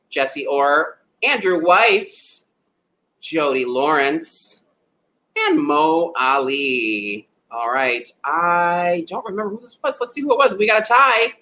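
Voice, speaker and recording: A young man, a drag performer, hosting a student awards show with campy, self-mocking jokes and drawn-out name announcements. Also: fairly high pitch, pushed and bright. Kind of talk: comedic awards presentation.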